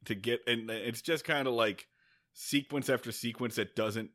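A man co-hosting a podcast, recapping a film in casual, excitable chat, swearing freely. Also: mid-range voice, normal speed. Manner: excitable, swearing, animated retelling with acted-out quotes. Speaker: podcast co-host. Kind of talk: casual movie-review chat.

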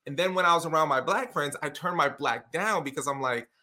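A middle-aged man talking in a casual conversation, animated and acting out what people said. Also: on the high side, brisk. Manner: animated storyteller, acts out quotes.

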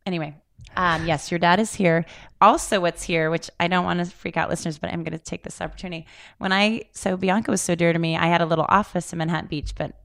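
Woman guest medium, quick earnest delivery, dry close mic. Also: lowish voice, steady tone, vocal fry, fairly bright tone, no room sound. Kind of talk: casual podcast conversation.

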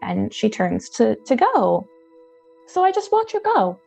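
A woman in her twenties tells her own story in a lively, expressive way and pokes fun at herself. Her voice sits a little high. Soft music plays faintly underneath. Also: measured pace, vocal fry, husky. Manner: lively, expressive, self-mocking. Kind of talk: personal storytelling.

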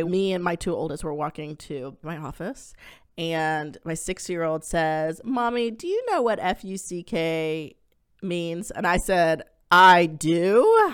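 A woman co-hosting a podcast, telling a family story in casual chat, her voice jumping high in surprise. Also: clear, resonant tone. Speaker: podcast co-host.

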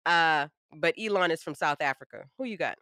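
A woman's voice: low voice, expressive, fairly quick, sharp tone, dry recording, clean studio sound. A woman co-hosting a podcast in casual chat, blunt, profane and opinionated. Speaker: podcast co-host.

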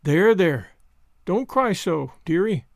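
A man reading the part of a strict older woman who speaks with plain, halting tenderness, in a dry, close recording. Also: sits high, big pitch swings, vocal fry, dry recording, heavily acted. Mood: consoling. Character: stern older woman, softening with love.

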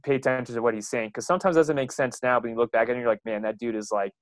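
A man's voice: mid-range voice, steady tone, very fast, no room sound, poor audio. Casting: young man in his twenties, rambling laid-back storyteller, dry booth sound. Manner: rambling, lots of "like" and laughter. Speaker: runner. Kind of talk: casual storytelling.

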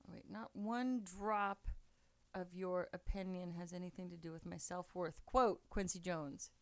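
A woman co-hosting a podcast, playful and quick to joke in casual chat. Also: on the low side, steady tone, no echo. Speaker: podcast co-host.

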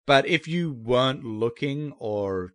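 Casting: male game master with a lively, swooping delivery, dry close sound, chuckling through his narration. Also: medium pitch, no room sound. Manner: laughing, halting narration with restarts.

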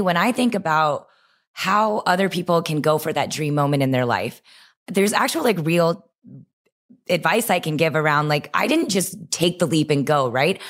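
Low-voiced woman telling her story. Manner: animated storytelling with quoted inner voices. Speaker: guest. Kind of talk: podcast interview.

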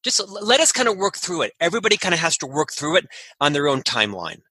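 Bright, husky-voiced man giving advice. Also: on the high side, sing-song, fast, dry recording. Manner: emphatic, keeps checking in with "right?". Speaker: leadership guest. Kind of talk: advice in a podcast interview.

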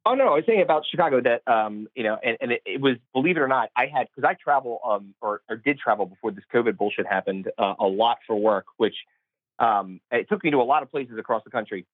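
A man's voice: mid-range voice, expressive, dry recording. Rambling man on a tinny phone line. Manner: rambling, halting with fillers. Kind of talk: casual chat.

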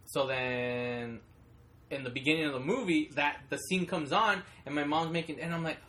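Man, young adult, casual chat, bright tone, animated storytelling. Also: fairly high pitch, normal speed. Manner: storytelling with animated quoted voices.

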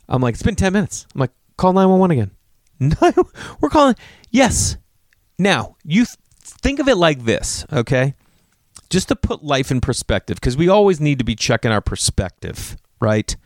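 A man's voice: medium pitch, no echo, clean studio sound. A man telling a story in casual talk, swearing freely and acting out what people said. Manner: animated, profane, acts out quotes.

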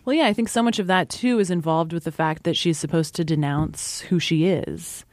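A woman's voice: lowish voice, normal speed, dry recording, clean studio sound. Easygoing woman on a TV panel. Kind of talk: casual TV discussion.

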